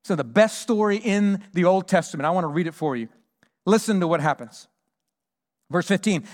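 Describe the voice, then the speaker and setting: A man preaching a sermon as pastor, emphatic, moving between hushed and loud delivery. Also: high-pitched, lively intonation, moderate pace. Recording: long hall reverb.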